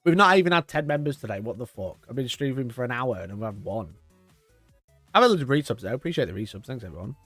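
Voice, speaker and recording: Sweary streamer with a lively voice. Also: male voice, mid-range voice, fast talker, breathy edge, no room sound, soft background music. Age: 20s. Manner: rambling, sweary, laughs often. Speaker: livestream host. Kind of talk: casual live-stream chat.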